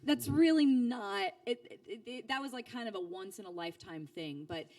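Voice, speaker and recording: She's a woman in her thirties, a voice actor guest speaking at a moderate pace far from the microphone. In this casual interview her storytelling is animated and rambling with fillers and restarts, and she dramatizes quoted lines with wide pitch swings.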